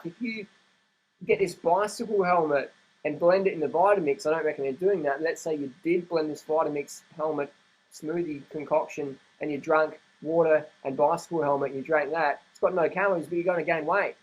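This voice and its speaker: A man rants to camera in an emphatic vlog style. His voice sits a little high, and he repeats his points and breaks into laughs often. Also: brisk, husky, rough recording. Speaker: vlogger. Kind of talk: animated vlog rant.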